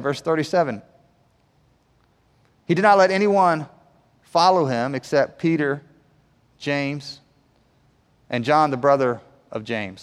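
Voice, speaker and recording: A man's voice: high voice, in a large hall. A man preaching a sermon to his church in a conversational way, often asking the room "right?". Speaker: pastor.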